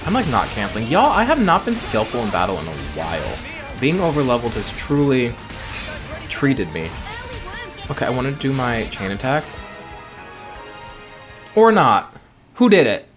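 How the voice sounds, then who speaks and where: Chatty American man with lively pitch. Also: fairly quick, over music. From United States. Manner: rambling, joking asides and self-mocking chatter. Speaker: let's play host. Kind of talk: casual gameplay commentary.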